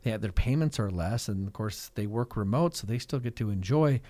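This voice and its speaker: A middle-aged man with a fairly low voice talks eagerly in a casual radio interview, dropping "like" and "right?" into nearly every thought. The sound is dry and close, with no room around it. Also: a little fast, no room sound. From Fresno, California. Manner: chatty, energetic, many fillers like "like" and "right?". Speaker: real estate agent and coach.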